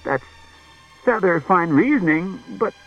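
A man's voice: sits high, animated, unhurried, muffled recording, soft background music, voice pushed up. A man playing a blustering, hot-tempered detective. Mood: anguished. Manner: angry, blustering. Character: gruff, hot-tempered male police detective.

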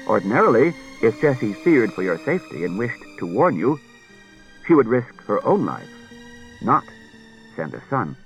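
A man doing a calm, unemotional robot. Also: mid-range voice, soft background music, poor audio. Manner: quiet, measured, unemotional. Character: calm humanoid male robot detective.

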